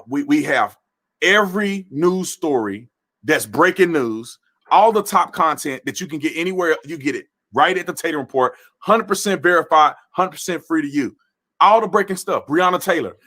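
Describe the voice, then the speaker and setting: Animated man hosting a political livestream. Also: a little high. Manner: animated, quick to restart phrases. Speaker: livestream host.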